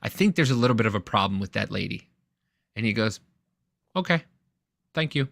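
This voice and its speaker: A man co-hosting a podcast, telling a rambling, animated anecdote in casual chat. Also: on the low side, fast, creaky, dry recording, studio quality. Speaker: podcast co-host.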